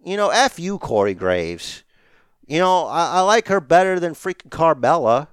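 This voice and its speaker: A man's voice: a little high, big pitch swings, moderate pace, clear, resonant tone, no echo, clean studio sound. A middle-aged man co-hosting a casual wrestling podcast, ranting emphatically and swearing as he argues. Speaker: podcast co-host.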